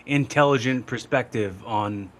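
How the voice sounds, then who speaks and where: A man's voice: medium pitch, unhurried. A man co-hosting a podcast, chatting casually and searching for his words. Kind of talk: casual chat.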